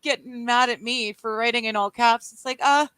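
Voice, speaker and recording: A woman's voice: on the high side, fairly even intonation, moderate pace, pushed and bright. A middle-aged woman co-hosting a casual livestream, chatty and self-mocking, laughing easily. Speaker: livestream co-host. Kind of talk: casual chat.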